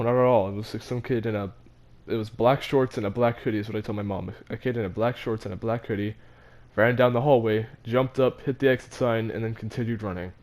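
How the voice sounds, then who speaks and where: A teen boy vlogger with a fairly low, darkish voice tells a story about his school. His delivery is casual and rambling, self-deprecating, and packed with fillers and restarts.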